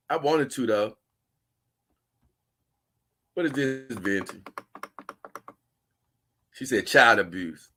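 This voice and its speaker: A man's voice: lowish voice, bright, forceful tone. A man, hosting a casual show, rambling and chuckling as he reads posts aloud to his viewers. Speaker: host.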